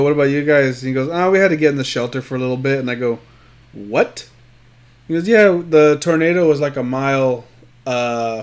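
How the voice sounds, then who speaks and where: A man telling a rambling story in casual chat, swearing a lot and acting out what people said. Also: medium pitch. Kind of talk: casual chat between friends.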